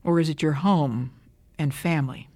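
An older woman giving a scripted radio Bible talk in a measured, emphatic way. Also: low voice, darkish tone, no room sound. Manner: measured, deliberate, emphatic delivery.

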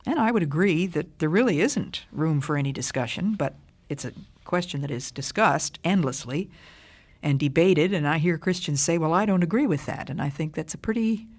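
An older woman giving a scripted radio Bible talk in a measured, emphatic way. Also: low voice, darkish tone, dry recording. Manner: measured, deliberate, emphatic delivery.

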